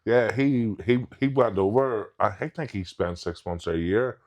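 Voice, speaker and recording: A man's voice: on the low side, measured pace, darkish tone. A man, a professional strongman guest on a podcast, talking frankly and matter-of-factly and laughing easily. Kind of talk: casual chat.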